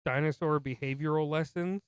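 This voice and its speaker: A man's voice: fairly high pitch, steady tone, moderate pace, clear, resonant tone, no room sound. A man co-hosting a movie podcast, casually retelling the plot with jokey asides. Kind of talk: casual film recap chat.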